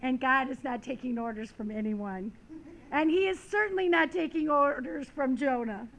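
A woman's voice: high-pitched, normal speed, creaky, a bit bright, slight background noise. A woman preaching a sermon, reading scripture and stories with dramatic rising and falling emphasis.

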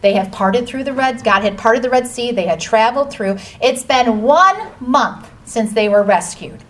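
Upbeat woman leading a children's Bible lesson; chatty, bright-pitched, recorded from across the room. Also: normal speed. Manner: enthusiastic, chatty, reads scripture aloud. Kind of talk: lively Bible lesson for kids. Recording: distant mic with faint noise.

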